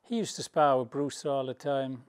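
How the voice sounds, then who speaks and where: Man telling lively anecdotes. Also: mid-range voice, normal speed, clear, resonant tone. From England. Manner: animated storyteller, laughs through anecdotes; loose, colloquial, rambling phrasing. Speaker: boxing trainer. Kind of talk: storytelling interview answers.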